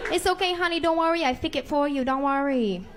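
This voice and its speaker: A woman's voice: high-pitched, brisk, close to an everyday voice. A woman voicing a pushy female nail salon worker who sweet-talks in broken English during a stand-up bit, with a live crowd heard. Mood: soothing. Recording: live club, loud crowd and noise.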